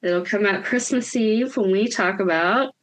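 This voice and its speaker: A woman podcast host, reading the show's outro in a brisk, friendly manner. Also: mid-range voice, rough recording.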